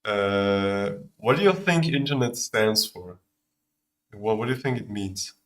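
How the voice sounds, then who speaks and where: Streaming as he builds a game, an Austrian man whose first language is German talks casually with an Austrian German accent, his attention split by the work. His voice is lowish, animated and unhurried.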